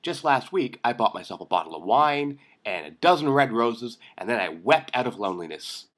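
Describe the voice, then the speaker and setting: A young man hosting a comedic film commentary vlog, sarcastic and excitable, ranting with jokes. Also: medium pitch, moderate pace. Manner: sarcastic, excitable, jokey rants. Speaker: vlog host.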